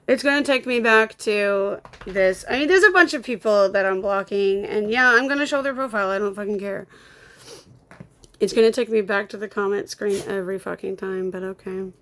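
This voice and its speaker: A young woman, openly irritated, rants and swears while muttering to herself. Her voice sits mid-pitch and keeps swinging between heated outbursts and low, grumbling asides. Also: a bit bright, slight background noise. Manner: agitated, swearing, mutters while blocking users. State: upset and irritated. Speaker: content creator. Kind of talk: angry screen-recording rant. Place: home with dogs, construction noise outside.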